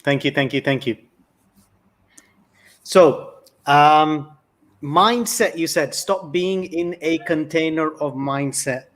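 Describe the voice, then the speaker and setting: A man speaks as a guest on a talk show in an earnest, reflective way. His voice sits somewhat high for a man, and he often stumbles and restarts his phrases. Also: takes it slowly, a bit bright. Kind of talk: conversational monologue.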